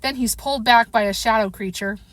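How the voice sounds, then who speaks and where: A woman's voice: fairly high pitch, fairly quick, no room sound. A woman narrating a first-person audiobook chapter, reading expressively and now and then correcting herself. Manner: expressive storytelling, occasional self-corrections.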